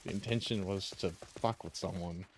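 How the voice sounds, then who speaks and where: Young guy streamer, slightly low voice, loose profane chatter, tells stories while playing. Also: steady tone, normal speed, a little hiss or hum. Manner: rambling, profane, chuckles while telling stories. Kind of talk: casual chat while gaming.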